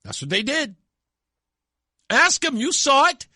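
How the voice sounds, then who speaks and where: A man's voice: high-pitched, huge pitch swings, moderate pace, long pauses, pushed and bright, no echo. A male talk radio host giving a sarcastic, mocking monologue in a studio. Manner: sarcastic, mocking, laughs at own jokes.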